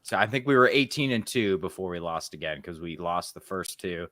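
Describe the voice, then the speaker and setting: A man's voice: low voice, expressive, fairly quick, a bit bright, dry recording, studio quality. A man co-hosting a sports podcast, asking questions and weighing them with wry humor. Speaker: podcast co-host. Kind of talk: casual podcast chat.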